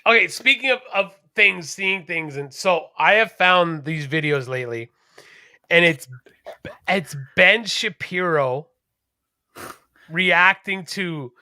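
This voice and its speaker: A man co-hosting a podcast in casual chat, rambling, animated and profane. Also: sits high, takes it slowly, dry recording, clean studio sound. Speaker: podcast co-host.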